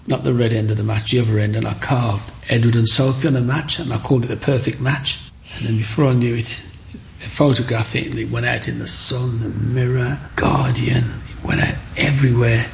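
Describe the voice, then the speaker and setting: Gravelly man telling his story. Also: medium pitch, brisk, slight background noise. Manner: animated, acts out voices in his stories. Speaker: interviewee. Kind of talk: storytelling interview.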